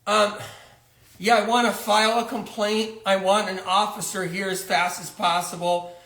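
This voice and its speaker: A man's voice: sits high, little pitch movement, normal speed, pushed and bright. A man voicing a frantic new mother of newborn twins in a comedic phone sketch, tearful and indignant as she complains and pleads. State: tearful, near crying. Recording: roomy echo.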